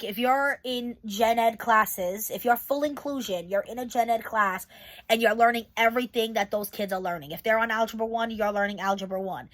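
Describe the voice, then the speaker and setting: A woman's voice: on the high side, a bit bright. Candid rambling woman vlogger. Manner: candid, rambling, talks to viewers directly. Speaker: vlogger and special education teacher. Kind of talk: casual channel update chat.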